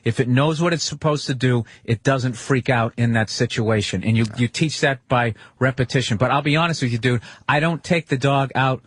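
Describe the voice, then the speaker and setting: A man's voice: mid-range voice, moderate pace, hardly any pauses, slightly rough, no room sound. A man on a studio microphone, ranting emphatically in casual radio chat, swearing often. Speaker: guest comedian.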